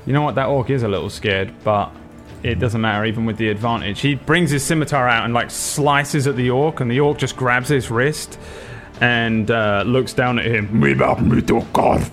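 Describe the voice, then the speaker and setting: A man's voice: mid-range voice, moderate pace, fairly bright tone, faint music behind. A young man narrating as game master in a tabletop game, rambling casually with lots of fillers and frequent laughs.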